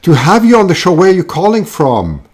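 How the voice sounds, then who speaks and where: A man's voice: high voice, wildly swooping pitch, a little fast, a little mellow. A man hosting a live call-in show, chatting casually and rambling, with lots of fillers and restarts.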